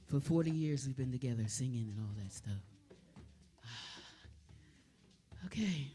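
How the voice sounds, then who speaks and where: An older woman leading a congregation in a call-and-response song, lively and chatty, coaxing everyone to join in. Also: extremely low pitch, slow, pauses often. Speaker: song leader. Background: band music.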